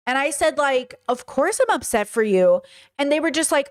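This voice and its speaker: Woman, streamer, high voice, indignant, animated reaction commentary. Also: normal speed. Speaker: streamer reacting to news clips.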